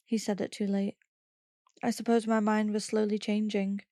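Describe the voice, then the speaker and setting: A woman reading a first-person memoir aloud in a steady, plain storytelling manner. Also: mid-range voice, moderate pace, no room sound, clean studio sound. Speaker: podcast reader.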